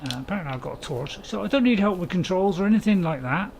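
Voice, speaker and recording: Chatty man with lively pitch. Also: quick pace, slight background noise. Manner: rambling, chatty, apologetic, chuckles often. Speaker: gaming channel host. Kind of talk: casual let's-play commentary, chatting with viewers.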